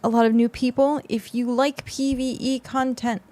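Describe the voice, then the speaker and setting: A woman's voice: a little high, little pitch movement, normal speed, dark tone. A young adult woman streamer chatting casually with her viewers on a close mic, rambling with lots of fillers. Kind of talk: casual livestream chat with viewers.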